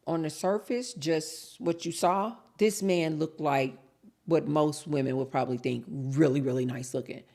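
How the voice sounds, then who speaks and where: Her voice sits low with a darkish tone as she chats with viewers, a vlogger spinning a story. She calls her audience "you guys" and acts out each side of the conversations she quotes.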